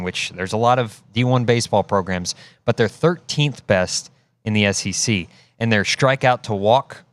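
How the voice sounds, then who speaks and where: Lowish-voiced stats guy. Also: fairly bright tone. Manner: casual, rattles off statistics. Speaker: sports show co-host. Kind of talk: sports talk, stats rundown.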